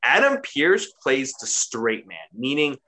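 A man co-hosting a casual wrestling chat, profane and mocking, recapping a show and doing quick impressions. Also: medium pitch, sing-song, sharp tone. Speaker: wrestling podcast co-host.

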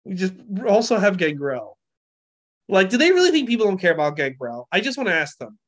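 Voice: mid-range voice, big pitch swings, fairly quick. A podcast co-host ranting in casual chat about wrestling, full of fillers. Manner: ranting, trailing off, many fillers like "like".

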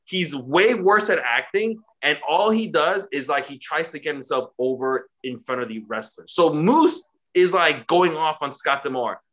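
Animated, bright-voiced man, cursing casually. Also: fairly high pitch, normal speed, hardly any pauses. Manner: profane, animated, mocking impressions. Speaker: wrestling podcast co-host. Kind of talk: casual chat.

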